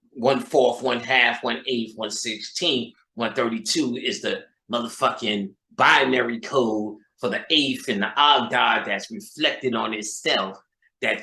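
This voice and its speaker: A man's voice: mid-range voice, vocal fry, pushed and bright. Emphatic, profane male lecturer. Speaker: occult lecturer. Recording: echoey room.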